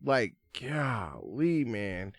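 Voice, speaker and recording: Man, podcast co-host, excitable, slangy, mid-pitched voice, dry close sound. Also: very slow, vocal fry, no room sound. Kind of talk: casual sports podcast chat.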